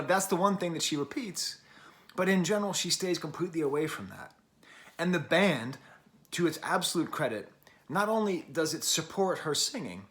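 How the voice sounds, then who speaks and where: A man's voice: medium pitch, a bit bright. A man hosting a music review show, talking through his thoughts in a casual, musing way with long strings of clauses. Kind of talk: casual spoken album review.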